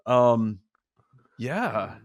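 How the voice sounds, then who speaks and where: An American man with an easygoing, lively voice chats on a podcast and laughs a lot. His pitch moves freely up and down. The sound is dry and close. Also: no echo. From United States. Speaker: podcast co-host. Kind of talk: casual chat.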